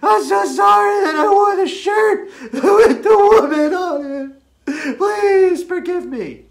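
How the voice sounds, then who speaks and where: A man's voice: very high-pitched, little pitch movement, brisk, fairly bright tone, pitched above the performer's own voice. A man voicing a tearful man who pleads for forgiveness and wails his apology. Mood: tearful pleading. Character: sobbing man begging forgiveness.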